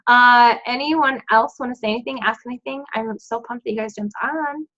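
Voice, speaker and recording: Upbeat woman coach, fairly high voice, chatty and encouraging, muffled lo-fi recording. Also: fairly quick, fairly bright tone. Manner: bubbly and encouraging, lots of "like" and "um". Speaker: team coach leading a group call. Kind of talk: casual pep talk to a team. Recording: dull lo-fi sound.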